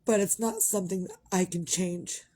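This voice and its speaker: A woman's voice: fairly low pitch, steady tone, normal speed, dark tone. A middle-aged woman, talking frankly in a rambling, casual monologue and swearing freely. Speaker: vlogger.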